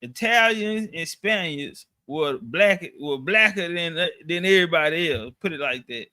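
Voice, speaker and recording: Talking loosely about a trip, a man uses plenty of slang and profanity, restarts often, and sometimes drops to a low mutter. He's expressive and unhurried, with a sharp tone and no echo.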